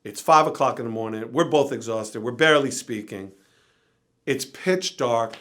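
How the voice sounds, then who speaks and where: A man as an interview guest, telling a wild, profane anecdote with animated energy that drops at times to a low, tired murmur. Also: normal speed. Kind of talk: storytelling in an interview.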